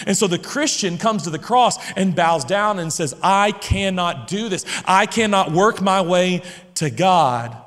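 High-voiced man preaching in an echoing hall. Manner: emphatic, repeats key phrases, swings between loud and hushed. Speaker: pastor. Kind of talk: sermon. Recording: long reverb from a large hall.

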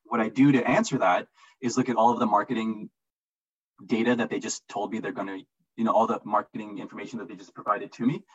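A man's voice: lowish voice, fairly even intonation, fast talker, slightly rough, lo-fi sound. A man answering interview questions in casual, enthusiastic talk, often repeating words as he gets going. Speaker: interview guest, marketing analyst.

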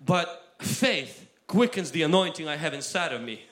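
A man preaching a sermon with passion, swinging between loud exhortation and quiet asides. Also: a little high, very animated, normal speed. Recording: roomy echo.

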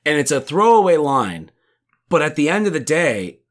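A man's voice: a little high, very animated, normal speed. A man co-hosting a podcast in casual chat, enthusiastic and often slipping into quoted movie lines. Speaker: podcast co-host.

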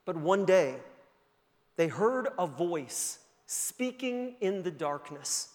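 A pastor preaching a sermon and telling a story, earnest and building to emphatic peaks. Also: male voice, fairly high pitch, big pitch swings, takes it slowly, a little mellow. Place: church sanctuary. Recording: long church-hall reverb.

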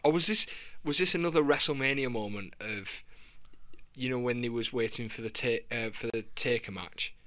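A man co-hosting a podcast in casual chat, relaxed and chuckling as he tells stories. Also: mid-range voice, moderate pace. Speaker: podcast co-host.

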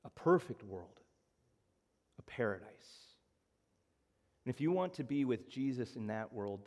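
Man preaching a sermon, gets loud then goes quiet and slow, big church hall echo. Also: medium pitch, lively intonation. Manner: rises loud for emphasis, drops soft and slow for appeals. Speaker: pastor.

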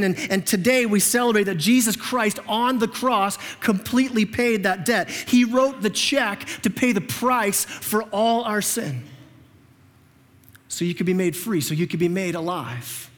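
Animated male preacher, high voice, long church reverb, chatty delivery. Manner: animated, conversational, repeats words as he restarts. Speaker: pastor. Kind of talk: sermon. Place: church sanctuary.

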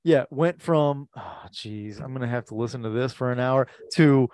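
A man co-hosts a relaxed podcast, with an ordinary middle-pitched voice. He rambles, restarts his sentences and laughs easily. The sound is close-miked and dry. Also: normal speed, clean tone, no room sound. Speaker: podcast co-host. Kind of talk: casual chat reviewing comedy.

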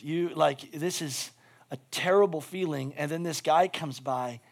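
A male pastor delivers a sermon in a high, bright-toned voice. He talks casually with lots of "like" fillers, jumping between loud, excited bursts and quiet, intimate asides. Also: vocal fry. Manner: animated, quick shifts between loud bursts and hushed asides.

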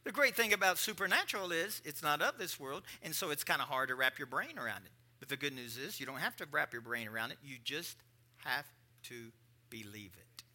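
Man, pastor, high voice, emphatic sermon, joking asides. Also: animated, fairly quick, bright, forceful tone.

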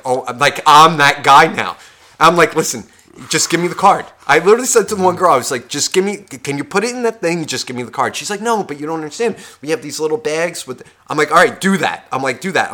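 Bright-voiced, profane male storyteller. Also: on the high side. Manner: profane, animated storyteller acting out other people. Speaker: podcast co-host. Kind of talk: casual storytelling.

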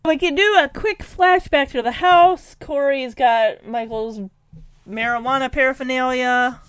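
A woman casually retelling a cartoon episode in a chatty, animated way, peppering her talk with "like". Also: high-pitched, a little slow, clean tone, no echo.

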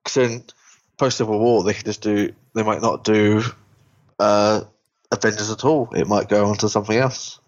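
A man's voice: lowish voice, fairly even intonation, moderate pace. A man co-hosting a casual podcast chat, rambling and restarting his sentences often. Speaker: podcast co-host. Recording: dull lo-fi sound.

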